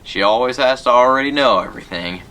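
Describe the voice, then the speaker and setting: A man's voice: medium pitch, fast, bright, forceful tone. A man reading a children's novel aloud, telling the story plainly and voicing the characters lightly. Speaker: reader.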